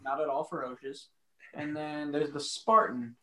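Male podcast co-host, higher-pitched, casual and rambling, jokey. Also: level tone, a little slow, a bit bright, poor audio. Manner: enthusiastic, rambling, joking. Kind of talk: casual chat.

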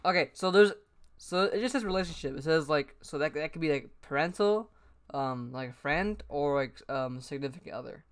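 A man's voice: fairly high pitch, expressive, normal speed, clear, resonant tone. A young man hosting a casual podcast chat, reading questions aloud, laughing easily and swearing. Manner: giggly, loose, swearing.

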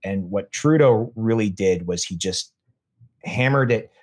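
In a relaxed podcast conversation, a male guest with a fairly low voice speaks unhurriedly and with strong opinions. He rambles, often restarting sentences as he builds his argument.

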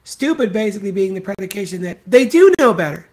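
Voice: mid-range voice, big pitch swings, quick pace, darkish tone. An adult podcast host delivering a solo commentary rant, blunt and profane, repeating insults and points for emphasis. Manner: blunt, profane and scornful, hammering points by repetition.

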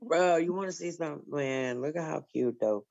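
A woman with a gravelly, creaky voice trades blunt, profane stories in casual chat. Her voice is dry and close, and the call audio sounds dull and lo-fi. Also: low voice, brisk, darkish tone, no room sound. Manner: blunt, profane, storytelling with laughs.

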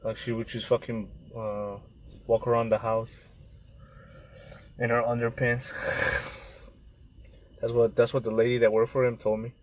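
A man's voice: medium pitch, level tone, unhurried, long pauses, poor audio. A young man in casual chat, laid-back and profane, laughing often.

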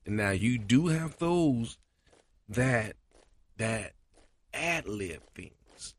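Animated man with a slightly scratchy voice. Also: medium pitch, very slow, no room sound. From Florida. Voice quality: a little scratchy. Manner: animated, swings loud for chanted cadence bits; colloquial, repeats "you know". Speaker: podcast host, cadence caller. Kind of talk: casual podcast monologue.

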